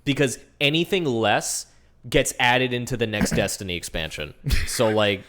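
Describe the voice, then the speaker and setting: A man's voice: mid-range voice, lively intonation, normal speed, fairly bright tone. A man co-hosting a podcast who chimes in with wry, joking asides. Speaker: podcast co-host. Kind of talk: casual chat.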